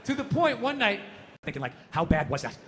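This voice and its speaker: A middle-aged man rants through a stand-up set in a high, sharp voice, firing off profanities at speed. His handheld mic carries the long echo of a theater. Faint audience noise sits under him. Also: sing-song. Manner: ranting, profane, rapid-fire. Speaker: stand-up comedian. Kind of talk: stand-up comedy rant. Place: live comedy stage in a theater.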